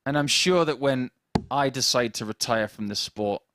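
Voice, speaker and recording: A man's voice: medium pitch, moderate pace, noisy background. A man commentating on darts, chatty and joking with his co-commentator. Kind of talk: live sports commentary with banter.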